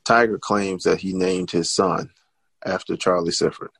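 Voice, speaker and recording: A man's voice: fairly even intonation, moderate pace, creaky, fairly bright tone, breathy edge, no room sound. A middle-aged man telling a long story in casual conversation, acting out the people in it. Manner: acts out quoted voices, jumping high in pitch. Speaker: storytelling guest.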